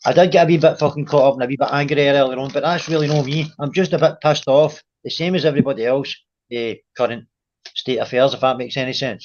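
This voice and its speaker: A man's voice: medium pitch, fast talker, darkish tone, dull audio, slight background noise. A man on a video call, explaining himself earnestly in casual chat and swearing freely. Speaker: panel guest.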